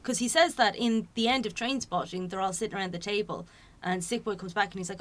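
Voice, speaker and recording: A woman's voice: medium pitch, no room sound. A woman in her twenties co-hosting a podcast, chatting casually about films with knowing asides and jokes. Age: 20s. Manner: knowledgeable, joking, quick asides. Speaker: podcast co-host. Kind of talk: casual film discussion.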